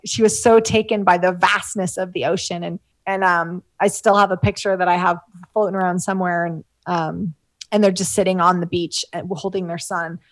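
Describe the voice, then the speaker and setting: A woman's voice: lowish voice, no room sound. Chatty woman telling stories, dry sound. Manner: warm storytelling, frequent fillers, gets emotional. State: tearful at times. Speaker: business coach, guest. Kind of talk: conversational interview.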